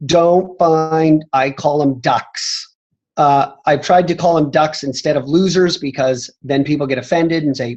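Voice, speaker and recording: A man gives a motivational talk on a training call, leaning hard on his points and repeating them for emphasis. His voice sounds a little husky. The audio is dull and muffled. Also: a little high, measured pace, darkish tone. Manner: emphatic, repeats "I'm telling you". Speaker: company executive answering questions.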